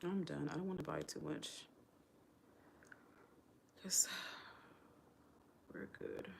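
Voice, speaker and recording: A woman with a somewhat low voice chats casually on her live stream. She talks straight to her viewers and calls them y'all. Her delivery is loose and conversational. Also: steady tone, slow, gravelly, darkish tone, a little hiss or hum.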